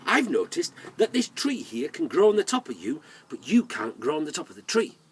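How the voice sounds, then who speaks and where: A storyteller playing a lazy young boy who eagerly shouts at the things he thinks are strong. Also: on the high side, sing-song, a little fast, slightly rough, no echo, pitched above the performer's own voice. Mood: boastful calls.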